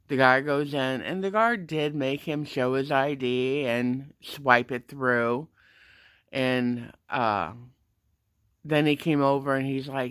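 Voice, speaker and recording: A man's voice: unhurried, smooth, no room sound, studio quality. A man telling a work story as a casual rant, acting out both sides of the dialogue. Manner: animated, acts out the dialogue with pitch jumps. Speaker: gym front desk attendant.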